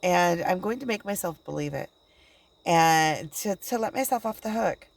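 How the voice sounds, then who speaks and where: Rambling low-voiced woman talking to camera. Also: animated, gravelly, poor audio. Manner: rambling, halting, with many restarts and quoted dialogue. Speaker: spiritual channeler and video blogger. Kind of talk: casual personal monologue.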